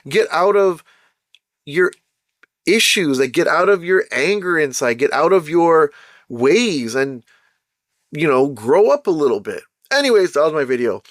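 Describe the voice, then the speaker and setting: A man rants straight to his viewers in a casual vlog, exasperated and circling back to the same points. His voice sits a little high for a man, and the sound is dry and close with no room around it. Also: expressive, measured pace, no room sound. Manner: exasperated, ranting, repeats "bro" and "like". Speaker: vlogger. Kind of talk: casual ranting monologue.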